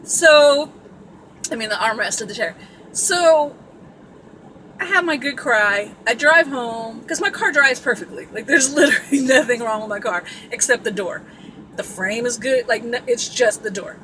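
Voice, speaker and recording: Woman from Sacramento, casual storytelling, blunt and profane, bright edgy voice, fairly high pitch. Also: moderate pace, slight background noise, rough recording. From Sacramento, California. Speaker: vlogger.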